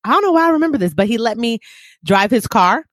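High, lively woman co-host. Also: fast talker, no room sound, studio quality. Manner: expressive, hypes people up with loud mimicry. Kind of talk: casual chat.

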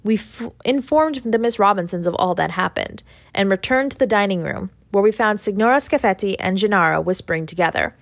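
A woman narrating a classic short story as an audiobook, in a measured, even reading. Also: mid-range voice, creaky, dry recording. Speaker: audiobook reader.

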